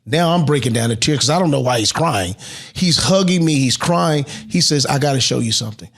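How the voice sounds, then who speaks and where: Husky middle-aged man telling a story. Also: fairly high pitch, normal speed. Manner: animated storyteller who drops to a hush at emotional moments. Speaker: interview guest, motivational speaker. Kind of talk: storytelling interview.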